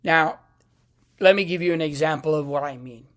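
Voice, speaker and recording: A man giving a video lecture on Italian grammar, speaking deliberately with many pauses, fillers and restarts. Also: fairly high pitch, a bit bright. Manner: deliberate, halting with frequent fillers and repeats.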